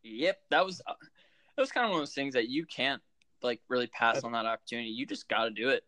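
Guy doing crude banter, regular pitch, super dry mic. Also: fast, bright, forceful tone, no echo. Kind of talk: casual chat.

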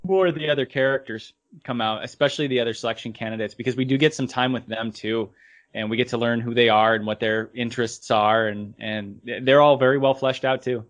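A man's voice: mid-range voice, fairly even intonation, fairly quick. A man co-hosting a casual podcast, chatting easily about anime characters and giving short agreeing replies. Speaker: podcast co-host. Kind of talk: casual review chat.

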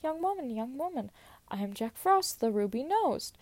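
A woman's voice: high voice, sing-song, normal speed, darkish tone, no echo. A woman voicing a prancing, showy male winter spirit in a singsong voice, in a read-aloud folk tale.

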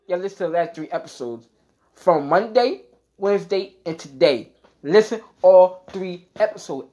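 Profane ranting young male podcast host. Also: high-pitched. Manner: profane, repetitive, full of "like"; gets heated and louder. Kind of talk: solo podcast rant.

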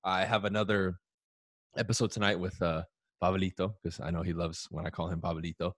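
A man's voice: sits low, little pitch movement, a little fast, a bit bright, no echo, clean studio sound. A man hosting a live talk show, chatting casually and upbeat with his guest and audience. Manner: upbeat, slangy, talks to the audience directly. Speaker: podcast host.

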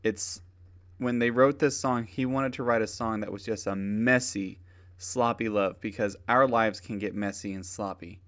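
A man's voice: lowish voice, fairly even intonation, moderate pace. A tired man talking earnestly and casually about his faith as a podcast host, rambling with fillers and restarts. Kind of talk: casual devotional talk.

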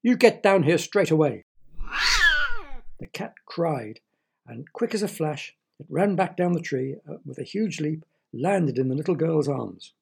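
A man's voice: on the high side, animated, measured pace, vocal fry, dark tone, slightly rough. A man telling a children's story, playful and asking the young listeners questions.

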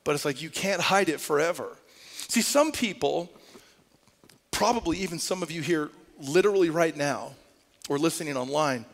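A man preaching a sermon as pastor, telling a story with lively energy that climbs to near-shouts. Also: on the high side, in a large hall. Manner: animated storytelling, rising to shouts. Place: church sanctuary.

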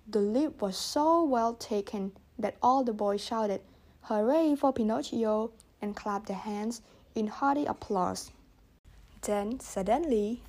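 A woman reading a children's story aloud, gently voicing the characters. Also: medium pitch. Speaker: audiobook reader. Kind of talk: storybook narration.

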